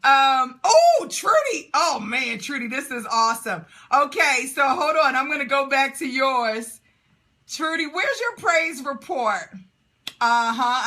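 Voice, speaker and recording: A woman hosts a live call for business owners, exuberantly cheering and whooping as she reads out comments, and turns rapid-fire when listing questions. Her voice is high, bright and forceful.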